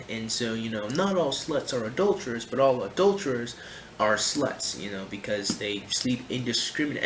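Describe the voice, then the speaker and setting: A man hosting a casual video commentary, talking in a rambling, animated way with lots of fillers and asides to his viewers. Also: mid-range voice. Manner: rambling, animated, heavy on fillers like "you know" and "my friend". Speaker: channel host reacting to videos. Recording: echoey room with faint noise.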